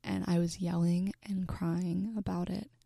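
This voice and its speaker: A young woman in her twenties telling a personal story in an earnest, halting way, with many fillers and restarts, often dropping to a breathy near-whisper. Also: lowish voice, little pitch movement, dark tone, no echo, studio quality.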